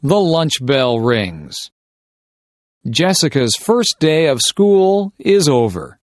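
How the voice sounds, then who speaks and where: A man reading simple short stories slowly and deliberately for English shadowing practice. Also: a little high, big pitch swings, no room sound, studio quality. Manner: deliberate, carefully paced reading of short sentences. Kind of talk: slow scripted story reading for shadowing practice.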